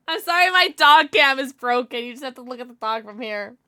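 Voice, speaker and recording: A woman streaming a video game who chats casually with her viewers, giggly, loud and excitable, and high on edibles. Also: moderate pace, no echo. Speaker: streamer and voice actor. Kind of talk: casual game livestream chat.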